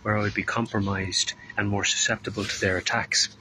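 A man giving an informal, earnest sermon as a street preacher, unhurried and drawing out his words, sometimes acting out the voices of people he quotes. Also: fairly low pitch, flat delivery, background noise.

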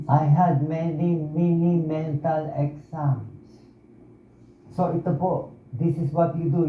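A middle-aged man with a Filipino accent, hoarse and dried out, speaking in an emotional, pleading way about himself to the public. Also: fairly high pitch, slight background noise. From Philippines. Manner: emotional, pleading confessional talk mixing languages. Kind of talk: emotional personal address. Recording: echoey room over a tinny phone-like line.

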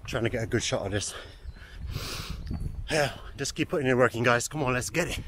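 A man's voice: medium pitch, fairly quick, fairly bright tone. A man with a British accent, slightly out of breath, filming a fitness run outdoors on a handheld camera and calling out encouragement to the runners. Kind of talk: outdoor vlog with shouted encouragement. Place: outdoors on a running route. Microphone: handheld camera while running. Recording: noisy outdoor recording.

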